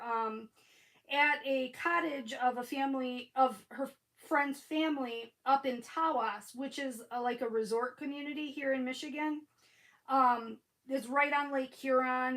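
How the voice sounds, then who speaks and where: Middle-aged woman, high-pitched, chatty livestream host who rambles and curses casually. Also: fairly bright tone.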